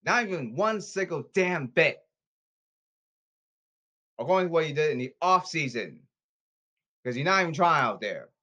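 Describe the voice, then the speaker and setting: A man's voice: a little high, big pitch swings, moderate pace, long pauses, sharp tone, dull audio. A man delivering an angry, repetitive rant, scolding and demanding, often stumbling over his words.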